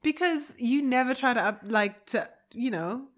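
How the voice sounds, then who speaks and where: A woman's voice: on the high side, lively intonation, moderate pace. A young woman co-hosting a casual podcast, cheeky and playful, often laughing and ribbing her partner. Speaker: podcast co-host.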